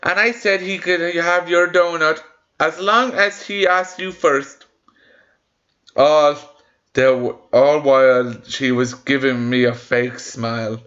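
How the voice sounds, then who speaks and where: A man's voice: a little high, fairly even intonation, slow pace, fairly bright tone, dull audio. Swearing young man ranting. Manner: heated, swearing, stumbling restarts. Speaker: vlogger reading stories. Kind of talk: casual reaction rant.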